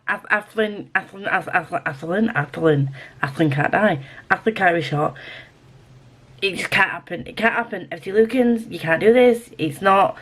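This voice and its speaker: A woman vlogging about a book she is reading, gushing and emotional, repeating herself and sometimes dropping to a whisper. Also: medium pitch. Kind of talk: casual reading vlog.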